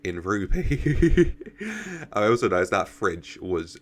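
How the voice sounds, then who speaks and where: A man's voice: lowish voice, very animated, slow pace. A man giving casual reaction commentary, chatting, laughing often and talking back to the characters on screen. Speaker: reaction video host.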